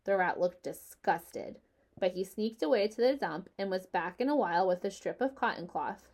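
A woman narrating a children's book aloud in a steady, expressive storytelling manner. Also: mid-range voice, normal speed.

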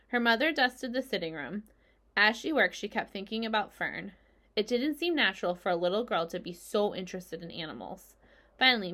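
A woman reading a children's novel aloud with expressive, clear storytelling. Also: mid-range voice. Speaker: audiobook narrator.

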